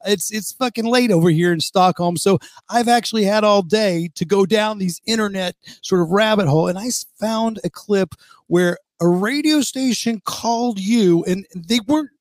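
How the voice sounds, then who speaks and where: A man's voice: high voice, dry recording. A man hosting a podcast, asking chatty, rambling questions in a casual interview. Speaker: podcast host.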